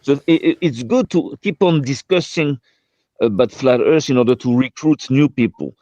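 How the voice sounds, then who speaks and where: Brief: halting man, mid pitch, dry and slightly muffled line. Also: lively intonation, dark tone, no echo. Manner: hesitant, repeats words, many fillers. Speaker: debate participant. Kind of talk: casual online debate.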